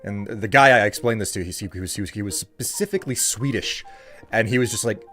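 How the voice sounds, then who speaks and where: A man's voice: lowish voice, quick pace, sharp tone, soft background music. A man from the United States chatting casually on a live stream, rambling and ranting as he answers his chat.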